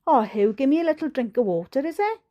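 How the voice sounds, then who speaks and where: A woman's voice: high-pitched, animated, quick pace, mellow, highs cut off, voice pushed up. A woman with a Welsh accent voicing a wheedling, fake-tearful young girl in an audiobook reading. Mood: tearful pouting.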